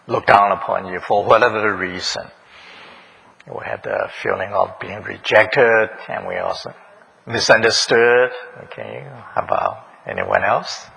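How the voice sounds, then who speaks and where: A man's voice: lowish voice, vocal fry, pushed and bright, breathy edge, low-quality recording. A man preaching a sermon in a church, questioning the congregation, repeating their answers and chuckling often. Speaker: pastor. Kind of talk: interactive sermon.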